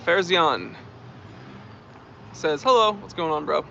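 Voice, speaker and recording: A man's voice: on the high side, takes it slowly, creaky, bright, forceful tone, a little hiss or hum. A man hosting a casual live stream, chatting and reading out and thanking viewer comments. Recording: dull lo-fi stream audio.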